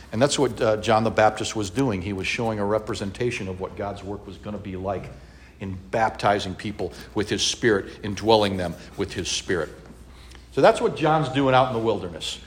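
A man giving a conversational sermon as pastor, often checking in with his listeners and adding humorous asides. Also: on the low side.

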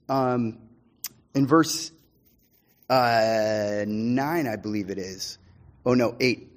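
Pastor, man, unhurried, conversational sermon that swells to fervent emphasis. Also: medium pitch.

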